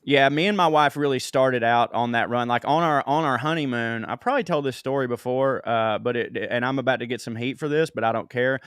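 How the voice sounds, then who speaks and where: A man from Georgia co-hosting a casual comedy podcast, joking and telling stories with quick asides. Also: mid-range voice, fairly bright tone, smooth, dry recording, clean studio sound. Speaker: co-host.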